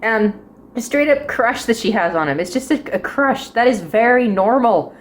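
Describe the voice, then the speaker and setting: Young woman with a high voice, rambling drama reviewer, giggles through her thoughts. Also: expressive, moderate pace, a little hiss or hum. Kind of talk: casual spoken review.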